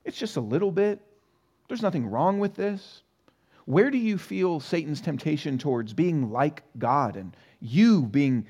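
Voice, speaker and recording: A man's voice: mid-range voice, darkish tone. A man preaching a sermon as pastor in a church, talking conversationally and asking the congregation rhetorical questions. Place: church sanctuary.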